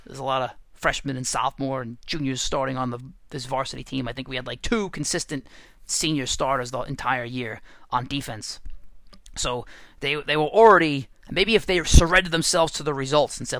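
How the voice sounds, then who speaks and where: A man who coaches football, giving an energetic, animated motivational talk full of stories and restarts. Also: mid-range voice, no room sound.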